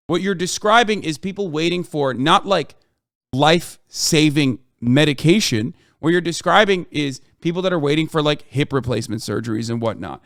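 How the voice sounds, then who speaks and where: Male streamer, heated commentary, blunt and argumentative, somewhat high voice, smooth and dry. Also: no echo. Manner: argumentative and blunt, swears freely. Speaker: live streamer.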